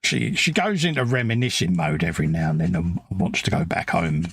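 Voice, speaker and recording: Middle-aged london bloke, gravelly husky voice, bounces up and down a lot, chatty storyteller. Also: male voice, low-pitched, very animated, fairly quick, fairly bright tone, no room sound. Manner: wry storytelling, quotes his wife in put-on voices. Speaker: co-host of a model-building stream. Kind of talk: casual chat while building models.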